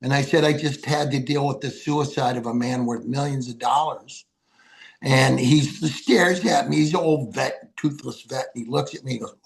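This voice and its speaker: Gravelly older man telling heartfelt stories. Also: medium pitch, normal speed. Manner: folksy, heartfelt storyteller. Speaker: podcast guest. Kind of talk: storytelling interview.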